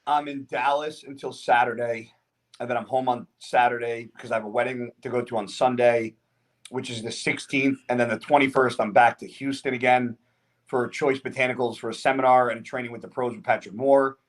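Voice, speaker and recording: A young man, a guest on a podcast, tells a story in a casual, profane, animated way and often laughs mid-sentence. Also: mid-range voice, brisk. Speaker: guest, professional bodybuilder.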